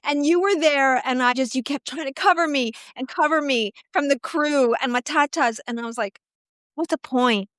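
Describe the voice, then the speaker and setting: A woman's voice: high-pitched, moderate pace, few pauses, fairly bright tone, no echo. A middle-aged woman hosting a chat show, telling profane, bawdy stories and laughing often. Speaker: podcast host. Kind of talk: casual chat.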